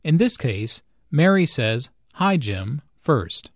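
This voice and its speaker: Slow, measured man explaining English. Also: mid-range voice, big pitch swings, dry recording, studio quality. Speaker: English teacher. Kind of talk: scripted language-lesson narration.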